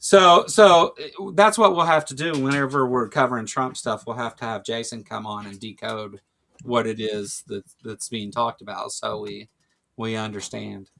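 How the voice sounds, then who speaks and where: Guy cohosting a politics chat, gravelly bright voice, reads quotes out and laughs a lot. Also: mid-range voice, fairly even intonation, moderate pace. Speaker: podcast co-host.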